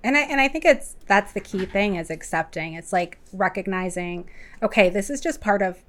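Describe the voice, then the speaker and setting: A woman guest on a recovery podcast, talking candidly in casual chat and quick to agree. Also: mid-range voice, fairly bright tone.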